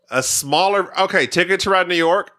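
A man co-hosting a podcast, chatting casually about board games in an animated way and laughing often. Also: sits high, measured pace. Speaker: podcast co-host.

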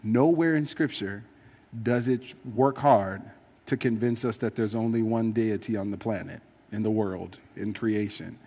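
A man's voice: lowish voice, a little slow, mellow, in a large hall. A man preaching in a casual, conversational way, reading scripture and explaining it with frequent fillers.

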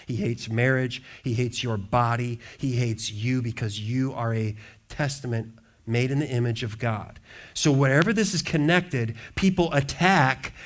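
A man preaching a sermon, reading scripture aloud and breaking off into joking asides, swinging from hushed to loud. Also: on the high side. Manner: reads scripture then riffs with humor and asides. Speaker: pastor.

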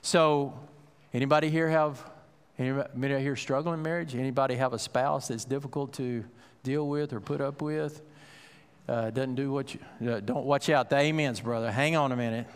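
A man's voice: medium pitch, steady tone, normal speed, clear, resonant tone. Preacher man in a reverberant church. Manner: storytelling preacher, acts out dialogue, rises to loud emphatic peaks. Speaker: pastor. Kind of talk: sermon.

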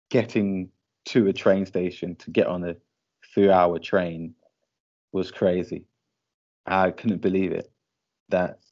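A man with a very low voice chats casually as a podcast co-host. He laughs easily and fills his talk with ums and you-knows. The audio is dull and lo-fi, like a call recording. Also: a little mellow. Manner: chatty, laughs easily, frequent fillers. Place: lives in Shanghai.

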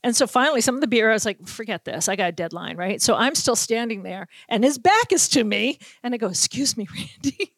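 A woman from Boston, a sports reporter hosting a casual talk show, telling a lively anecdote full of acted-out quotes. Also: a little high, fairly quick, few pauses, no room sound. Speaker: sports reporter, podcast host. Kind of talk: casual storytelling chat.

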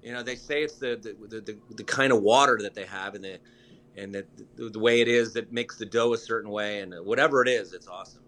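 A man's voice: on the low side, fast talker, fairly bright tone. Chatty, rambling male news guest. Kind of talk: casual interview chat.

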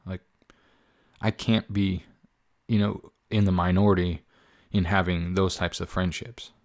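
A man with a very low, deep voice hosts his own podcast, talking off the cuff. He rambles candidly, swears freely, and leans on fillers as he goes. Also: fairly even intonation, unhurried. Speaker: podcast host. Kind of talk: casual solo podcast monologue.

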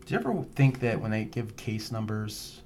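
A man's voice: on the low side, sing-song, moderate pace, darkish tone, slight background noise. Rambling male podcast co-host. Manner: rambling, jokey, goes on tangents. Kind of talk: casual chat.

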